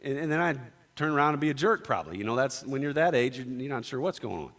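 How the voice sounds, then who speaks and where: A man preaching a sermon, talkative, moving between quiet asides and loud, emphatic declarations. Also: mid-range voice, lively intonation, quick pace.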